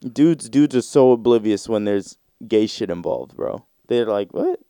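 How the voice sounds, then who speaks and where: A man's voice: on the low side, animated, dark tone, smooth, dry recording, clean studio sound. Man riffing through a comedy podcast monologue. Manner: acts out voices in quick skits, swears freely. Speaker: podcast host.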